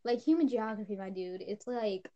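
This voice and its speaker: A woman's voice: medium pitch, moderate pace, dull audio, a crowd in the background. A teenage girl chatting casually on a podcast, telling a story full of giggles and bursts of laughter. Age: teens. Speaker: podcast co-host. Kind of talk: casual chat.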